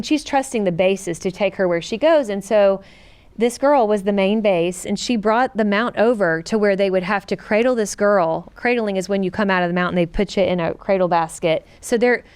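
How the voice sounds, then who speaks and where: A woman's voice: mid-range voice, a little mellow, clean tone. Earnest woman telling a personal story. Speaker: podcast co-host. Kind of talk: personal storytelling in a casual chat.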